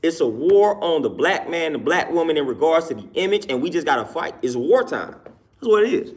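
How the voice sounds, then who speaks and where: His voice is fairly high and sing-song, a little fast. He's a livestream host talking loosely with his chat, emphatically repeating each point twice and laughing in the gaps.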